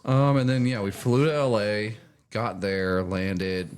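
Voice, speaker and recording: A man's voice: on the low side, fairly even intonation, slow pace. A man hosting a casual podcast chat, telling the story of his trip. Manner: chatty, storytelling trip recap. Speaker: podcast host.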